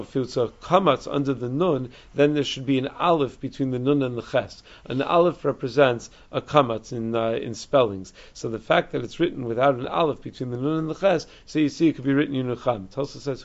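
A man teaching a Talmud class, explaining quickly with frequent restarts and Hebrew and Aramaic terms. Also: medium pitch, vocal fry. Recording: dull lo-fi recording.

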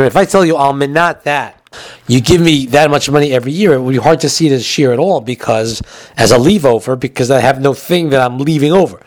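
A man's voice: medium pitch, no room sound. A man giving a recorded halacha lesson in a chatty way, explaining with everyday examples, and he has the hiccups. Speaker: Torah teacher.

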